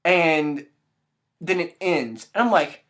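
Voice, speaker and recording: A woman with a lowish voice rants through a casual movie review. She sounds exasperated and keeps throwing in exclamatory asides. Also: animated, slow, fairly bright tone.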